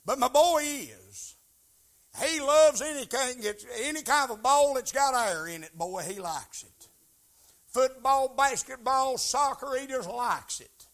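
A man preaching a sermon in church, pleading and swinging from shouted questions to hushed tones. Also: very high voice, a little slow. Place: church sanctuary.

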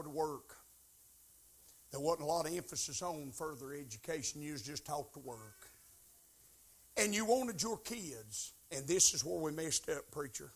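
A man preaching a sermon in church, pleading and swinging from shouted questions to hushed tones. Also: fairly high pitch, slightly rough. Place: church sanctuary.

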